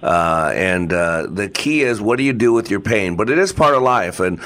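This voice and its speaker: A man's voice: on the low side, lively intonation, normal speed, a bit bright. A man hosting a podcast, speaking earnestly and reflectively in casual conversation. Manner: earnest and reflective, with fillers and restarts. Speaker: podcast host.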